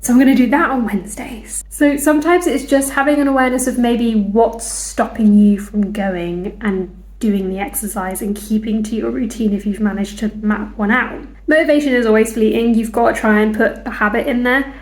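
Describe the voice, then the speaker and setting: Brief: young woman, fitness vlogger, chatty and self-mocking, sits a touch high, clip-on mic. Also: moderate pace. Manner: chatty, self-deprecating, laughs at herself. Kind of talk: casual vlog chat to camera. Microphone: clip-on lapel mic held in hand.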